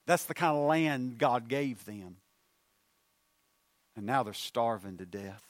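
A man preaching a sermon, moving from hushed storytelling to loud, fervent appeals. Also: medium pitch, lively intonation, slow pace, no room sound.

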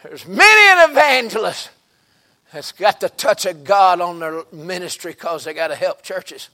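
In a church sanctuary, a man with a Southern US accent delivers a fervent revival sermon in a high-sitting voice, erupting into sudden shouts and exclamations.

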